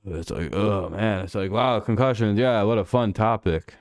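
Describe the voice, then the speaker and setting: A man's voice: fairly low pitch, moderate pace, darkish tone, no room sound, clean studio sound. A man hosting a casual live stream over a football game, ranting in irritation and swearing often.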